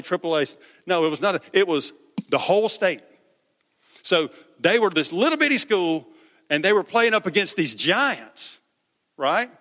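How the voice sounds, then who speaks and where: A man's voice: high-pitched, pushed and bright. A man preaching a sermon in a conversational way, asking the congregation questions and repeating words as he goes. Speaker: pastor. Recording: echoey hall.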